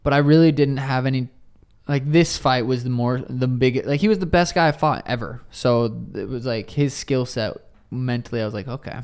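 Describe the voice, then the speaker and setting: A young man talks about his routine in a loose, casual way and swears often. His voice is smooth and resonant. He keeps circling back and restarting his thoughts mid-sentence. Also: mid-range voice, normal speed, a little mellow. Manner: loose and profane, with frequent restarts. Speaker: interviewee, professional fighter. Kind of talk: casual interview conversation.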